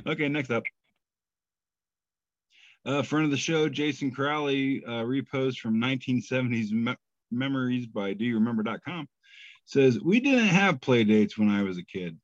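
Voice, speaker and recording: A man's voice: mid-range voice, animated, no echo. Male podcast co-host, joking and self-deprecating, reading memes off a dull lo-fi mic. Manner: jokey, self-deprecating, drawn-out pauses. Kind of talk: casual podcast banter.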